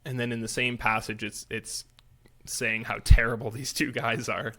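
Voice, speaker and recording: A man co-hosting a church podcast, retelling a Bible story in casual, animated chat. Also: medium pitch, normal speed. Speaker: podcast co-host.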